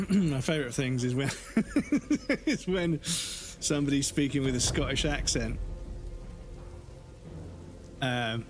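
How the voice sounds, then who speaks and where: A man's voice: mid-range voice, expressive, takes it slowly, long pauses, over music. Chatty, cursing male game streamer. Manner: chatty, profane, with laughs and fillers. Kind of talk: casual gaming livestream commentary.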